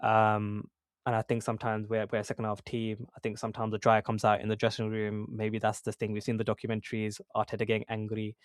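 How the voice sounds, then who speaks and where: A man's voice: lowish voice, completely flat delivery, fast talker, no room sound, clean studio sound. A young man co-hosting a football podcast, talking casually with lots of fillers and restarts. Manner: conversational, many fillers and restarts. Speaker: podcast co-host.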